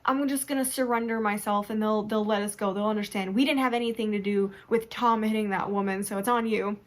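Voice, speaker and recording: A woman's voice: medium pitch, fairly even intonation, a little fast, lightly acted. A woman quoting a stubborn lecturing husband.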